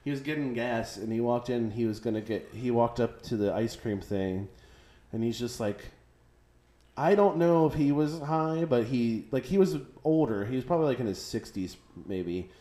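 A man in casual chat, telling his stories in an animated way and breaking into laughter. His mid-range voice carries a noticeable echo from the room around him. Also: medium pitch, normal speed. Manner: animated storyteller, laughing through his anecdotes. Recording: roomy echoey room.

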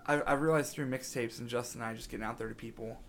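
Chill young dude hosting a podcast, loose and jokey, bit of hiss behind him. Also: male voice, medium pitch, fairly even intonation, quick pace, a bit bright. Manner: laid-back, joking, rambling sign-off. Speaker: podcast host. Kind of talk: casual podcast chat.

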